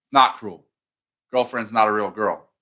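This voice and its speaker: A man's voice: on the low side, pushed and bright. A man co-hosting a podcast, chatting casually and jokingly while recapping a movie. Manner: joking, chiming in with quick agreements. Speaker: podcast co-host.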